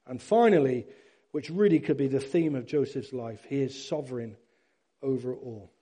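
A man's voice: medium pitch, moderate pace, slightly rough. A man preaching a sermon, acting out Bible characters and asking his listeners questions. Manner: animated, acts out Bible characters; asks the congregation questions. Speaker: pastor.

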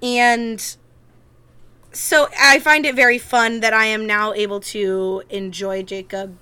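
A woman's voice: fairly high pitch, steady tone, takes it slowly, sharp tone, clear, resonant tone. A young woman co-hosting a podcast, chatting casually and with enthusiasm, swearing now and then. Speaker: podcast co-host. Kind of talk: casual chat.

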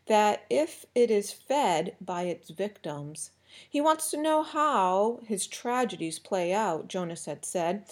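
A woman reading a novel aloud for a podcast, with steady, expressive storytelling narration. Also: medium pitch, breathy edge. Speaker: audiobook podcast reader.

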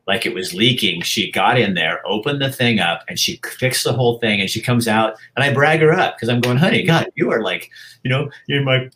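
A man in his sixties being interviewed, talking frankly and reflectively about his life, with halting restarts. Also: sits low, bright, forceful tone, rough recording. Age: 60s. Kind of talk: candid personal interview.

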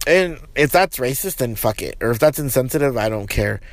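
A man hosting his own podcast, ranting heatedly with lots of swearing and restarts, then settling into a calmer, lower tone. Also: brisk, few pauses, dry recording. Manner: profane, rambling, frequent restarts. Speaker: podcast host. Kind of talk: casual solo podcast rant.

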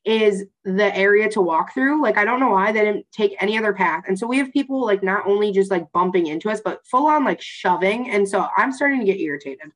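A young woman in a casual podcast chat, telling a story with a lot of energy. Her pitch jumps around as she acts out the scenes, and she swears and laughs along the way. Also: brisk, few pauses, poor audio. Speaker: podcast co-host.

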